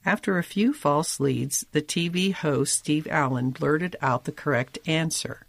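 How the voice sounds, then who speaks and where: A narrator reading a scripted documentary in a measured, wry storytelling manner. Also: medium pitch, creaky, no room sound, clean studio sound.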